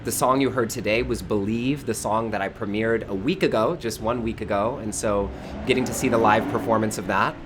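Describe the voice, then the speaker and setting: A man's voice: lowish voice, fairly even intonation, fairly quick. A man from the Bay Area hosting a live online spiritual session outdoors, greeting viewers effusively by name. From California Bay Area. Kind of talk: live-streamed welcome and teaching. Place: outdoors in front of a high-up window. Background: faint outdoor noise.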